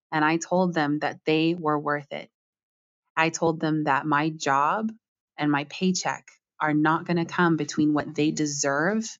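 A woman teacher answering interview questions earnestly, with frequent pauses. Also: deep voice, no echo. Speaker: striking schoolteacher. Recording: slightly dull lo-fi sound.

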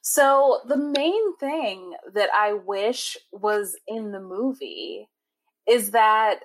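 A woman chatting on a casual podcast, full of enthusiasm as she races through plot points. Her voice is mid-pitched and conversational. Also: drawn-out words. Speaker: podcast co-host. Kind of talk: casual chat recapping a book and movie.

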